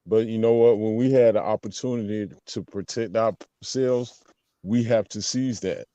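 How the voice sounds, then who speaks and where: A man's voice: on the low side, steady tone, moderate pace, warm tone, dry recording. A man in casual talk, blunt and emphatic in his points. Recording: dry, dull lo-fi sound.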